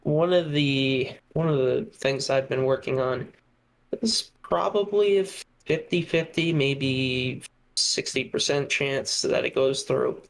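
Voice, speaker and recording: A man's voice: medium pitch, slow pace, gravelly. Hesitant man chatting on a podcast. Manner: hesitant, many restarts and fillers. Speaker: podcast guest. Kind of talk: casual podcast chat.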